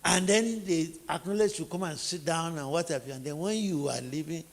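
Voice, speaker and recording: A man's voice: fairly high pitch, fairly quick, vocal fry, big-room sound. A man with a Nigerian accent, teaching in sermon style and driving his points home with rhetorical questions and repeated phrases. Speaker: teacher preaching on family life.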